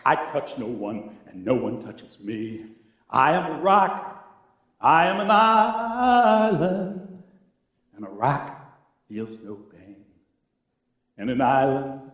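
A man preaching a sermon as pastor, with a dramatic delivery that swings from hushed to loud. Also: on the high side. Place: church. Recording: echoey church room.

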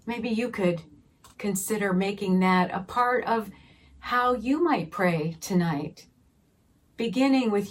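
A middle-aged woman pastor, teaching a Bible study gently and unhurriedly and leading softly spoken prayer. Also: mid-range voice, takes it slowly.

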